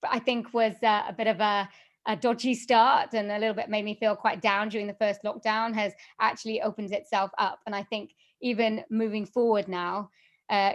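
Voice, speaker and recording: A woman being interviewed on a podcast, speaking casually and with animation, with plenty of fillers and laughs. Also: mid-range voice. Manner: chatty and animated, laughs often, many fillers. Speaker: guest, voiceover artist and singer.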